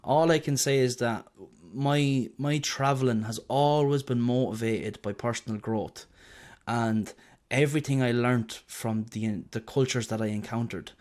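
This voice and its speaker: A man's voice: mid-range voice, a little slow, darkish tone. A young Irish man, a guest singer, chatting in an interview and telling stories with a loose, self-mocking way of talking. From Ireland. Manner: chatty storyteller, swears and jokes about himself. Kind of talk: casual interview chat.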